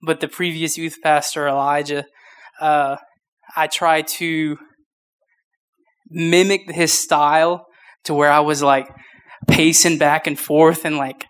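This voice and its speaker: A youth pastor in his twenties gives a casual sermon to young people in a fairly high, level voice that is clear and resonant. He speaks slowly with long pauses, sounds short of breath, and rambles informally with many restarts and fillers.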